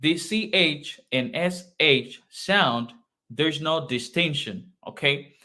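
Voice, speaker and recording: Slow-talking Colombian man teaching Spanish. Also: a little high, pushed and bright. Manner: patient, repeats phrases slowly, asks "okay?" often. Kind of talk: online language lesson.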